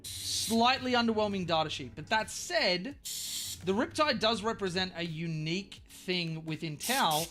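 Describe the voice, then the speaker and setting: Painting miniatures during a stream, an Australian man with a high voice rambles along casually. His talk is loose and full of swearing, and he wanders into silly wordplay now and then. Quiet, soft music sits in the background.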